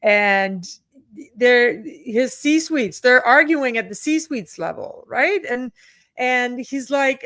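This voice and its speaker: A woman, a leadership expert telling stories in a sarcastic, animated way on a video call. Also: fairly high pitch, takes it slowly, no echo. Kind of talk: casual chat on a livestream.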